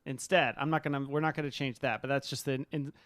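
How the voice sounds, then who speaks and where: Casting: man, tabletop game master, clear smooth voice, dry close sound, patient with rules. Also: medium pitch, steady tone, fast talker, a bit bright, dry recording. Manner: laughing, explains rules patiently.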